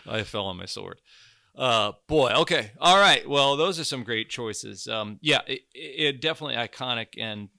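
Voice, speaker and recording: A man with a gravelly, bright voice hosts a podcast in loose, joking chat. He rambles and restarts mid-thought. The sound is close and dry. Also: mid-range voice, animated, moderate pace, dry recording. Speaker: podcast host.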